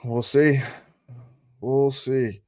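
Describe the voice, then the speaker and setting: A man's voice: medium pitch, steady tone, drawn-out words, darkish tone. A man casually talking through a live sports stream, repeating himself and muttering asides. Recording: dull lo-fi stream audio.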